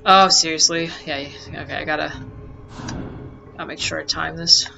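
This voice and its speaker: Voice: mid-range voice, steady tone, moderate pace, vocal fry, dull audio, over music. A gamer giving casual gameplay commentary, exclaiming often and getting easily frustrated while laughing at their own mistakes. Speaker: let's play gamer.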